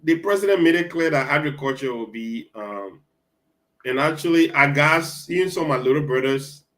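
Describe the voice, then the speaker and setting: Man, slightly high voice, halting talk-show chat, lots of restarts. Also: lively intonation, fairly bright tone, rough recording. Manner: halting, many restarts and fillers.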